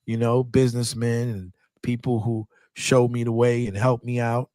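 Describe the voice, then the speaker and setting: A man's voice: medium pitch, level tone, normal speed, a little mellow. A man with a mid-range voice speaks earnestly and reflectively in casual podcast chat. The sound is dry and close, with no room echo.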